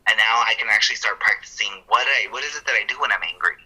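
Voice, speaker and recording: A man co-hosting a podcast, explaining counseling ideas in a casual, thoughtful way, working through his points with fillers and quick self-corrections. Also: on the low side, bright, forceful tone, husky, rough recording.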